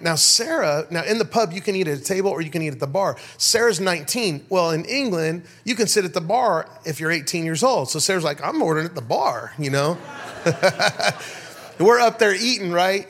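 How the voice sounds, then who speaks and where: Animated preacher man telling stories. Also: sits high, normal speed. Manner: animated storyteller, rhetorical calls to the crowd. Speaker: pastor. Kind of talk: sermon with storytelling.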